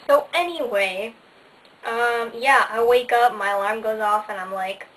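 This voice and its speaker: A woman's voice: on the high side, unhurried, fairly bright tone. A teenage girl vlogging casually, bubbly and sarcastic, with lots of "like" fillers. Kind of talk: casual chatty vlog. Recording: faint hiss, slightly distant mic.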